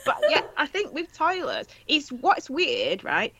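A woman's voice: sits high, wildly swooping pitch, measured pace, heavy background noise. A woman, chatting casually and jokily as a podcast co-host, swearing now and then. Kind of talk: casual chat.

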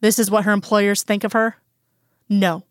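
A woman reads a fanfiction story aloud in an even, unhurried storytelling voice. Her tone is smooth and resonant, recorded dry and close with no room around it. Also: medium pitch, dry recording. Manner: calm storytelling, plain voices for quoted characters. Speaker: fanfiction reader. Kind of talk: scripted narration.

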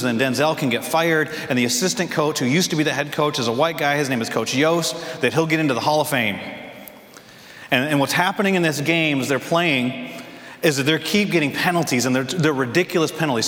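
Animated pastor preaching in an echoey hall. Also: male voice, on the high side. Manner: animated storytelling, acts out movie lines. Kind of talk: sermon. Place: church sanctuary.

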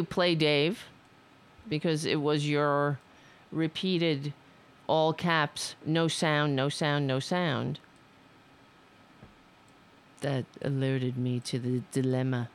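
A woman hosting a casual livestream, rambling, swearing and scolding herself. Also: deep voice. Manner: profane, self-scolding, rambling. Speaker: livestream host.

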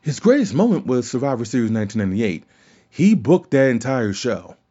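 A man's voice: medium pitch, sing-song, brisk, mellow, breathy edge, dull audio. A man hosting a casual wrestling podcast, talking in an opinionated, rambling way with frequent restarts and some swearing.

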